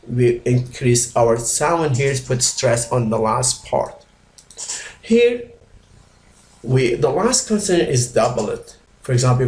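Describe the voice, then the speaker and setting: A man's voice: medium pitch, darkish tone. A man who speaks English as a second language, teaching English grammar from slides, patiently and repetitively, with small grammar slips. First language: Arabic. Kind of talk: slide-based grammar lesson. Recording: roomy echo.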